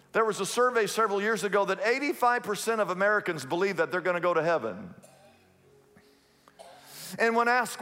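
A man preaching a sermon as a pastor, emphatic, stretching some words slowly and rushing through others, and acting out quoted speakers. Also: extremely high pitch, pushed and bright. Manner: emphatic preaching, swinging from drawn-out to rapid. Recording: long hall reverb.

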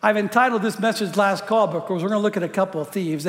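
A man with a notably high voice preaches to his congregation, chatty and quick to joke, and often stumbles back over his own words. The sound rings with the long reverb of a big hall. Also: fairly bright tone. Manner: conversational and joking, often repeats words. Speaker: pastor. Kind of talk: sermon.

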